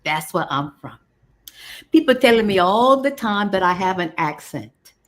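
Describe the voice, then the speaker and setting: A woman's voice: mid-range voice, animated, fairly bright tone, natural voice. A woman performing a kind, folksy older Cajun woman who cleans a dormitory, in a theatrical character monologue with a Cajun Louisiana accent. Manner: folksy, chatty, drawn-out storytelling.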